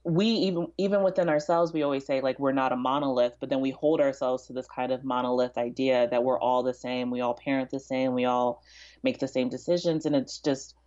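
Super low-pitched woman, chatty, lots of "like", kinda muffled audio. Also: fairly even intonation, brisk, darkish tone. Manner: chatty, with frequent "like" and restarts. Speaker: podcast guest. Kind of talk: casual interview chat.

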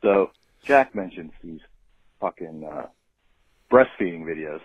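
A very low, husky man rambles through a laid-back voicemail. His voice swings widely in pitch. The line is muffled and lo-fi. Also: lively intonation, a little slow, dry recording. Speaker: caller. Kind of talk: voicemail to a podcast. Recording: muffled lo-fi phone message.

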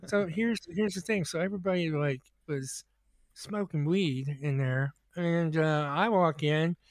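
High-voiced man rambling through a profane story. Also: measured pace, no echo. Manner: rambling, profane, many restarts. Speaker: podcast co-host telling a story. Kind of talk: casual chat.

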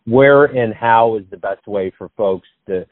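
A male interview host speaks in a low voice and wraps up the conversation briskly and upbeat. The sound is dry and tinny, like a phone line with no room around it. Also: dry recording. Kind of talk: interview wrap-up.

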